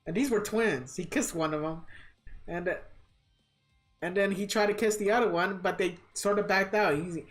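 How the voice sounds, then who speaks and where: Over faint background music, a streamer with a mid-range voice talks at a moderate pace while playing a fighting game. Her commentary is casual, blunt and profane, and she laughs at her own rants.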